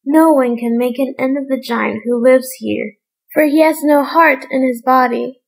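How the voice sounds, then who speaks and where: A woman voicing a clever young princess held captive by a giant, speaking gently and coaxingly in a read-aloud fairy tale. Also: high-pitched, measured pace, vocal fry, full character voice, poor audio.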